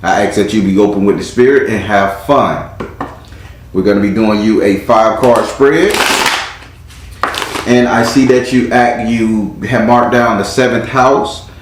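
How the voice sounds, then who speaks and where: Man, tarot reader, casual and chatty, low voice, very echoey room, faint background noise. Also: a little slow. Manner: chatty and informal, calls on spirit. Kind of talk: casual live tarot reading.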